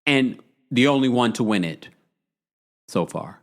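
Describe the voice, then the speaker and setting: Animated man ranting casually. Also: mid-range voice, a little slow. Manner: animated, reading chat comments aloud; blunt, exasperated rants. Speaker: podcast host. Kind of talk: casual livestream commentary.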